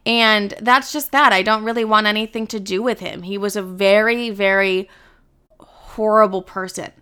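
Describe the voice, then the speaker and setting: A woman's voice: mid-range voice, fairly even intonation, moderate pace, pushed and bright, clean tone. A young woman talking candidly to her viewers in a casual, blunt way, swearing freely and filling with "like". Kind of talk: candid personal monologue.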